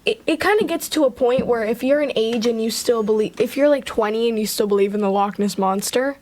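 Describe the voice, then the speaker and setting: A young woman co-hosting a casual family podcast with her father, playful and quick with comebacks. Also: fairly high pitch, darkish tone. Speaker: podcast co-host, daughter.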